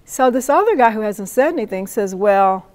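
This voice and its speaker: A woman in her seventies, a poet laureate, telling a lively story to an audience and acting out the voices of the people in it. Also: on the high side, fairly quick. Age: 70s. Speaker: poet laureate giving a talk. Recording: long reverb of a hall.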